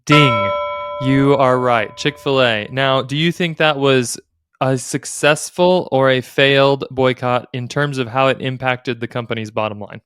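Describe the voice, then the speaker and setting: A man's voice: medium pitch, fairly even intonation, normal speed, fairly bright tone, clear, resonant tone, dry recording, clean studio sound, soft background music. A man co-hosting a casual podcast conversation, playfully quizzing his co-host like a game show.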